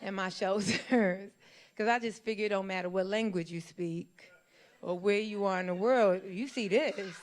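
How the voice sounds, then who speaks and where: A woman from New York works a live stand-up set. She tells her stories in an animated way, often breaking into laughter between lines. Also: medium pitch, a little slow. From New York, USA. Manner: animated storytelling with frequent laughs. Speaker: comedian. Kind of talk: stand-up comedy. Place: live show in a church venue.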